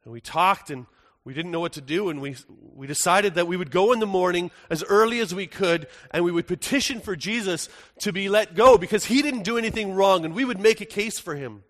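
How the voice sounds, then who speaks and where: A man playing the apostle John as an older man in a first-person dramatic monologue, earnest, moving between hushed and urgent. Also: high-pitched, a little fast, few pauses. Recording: echoey hall with long reverb.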